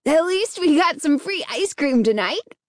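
A woman's voice: high-pitched, lively intonation, takes it slowly, a little mellow, dry recording, studio quality, exaggerated voice. A woman voicing a scheming boy who scoffs and challenges the others. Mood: scornful. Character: scornful scheming boy, Alan.

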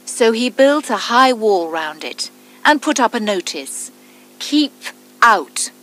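A woman reading a children's story aloud, calm and deliberate, with clearly spaced phrases. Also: a little high, poor audio.

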